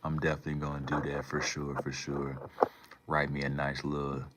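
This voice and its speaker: Very deep-voiced man rambling to his chat. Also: monotone, a little fast, heavy background noise. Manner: rambling, slangy, talks back to chat. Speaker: livestream host. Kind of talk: casual livestream chat.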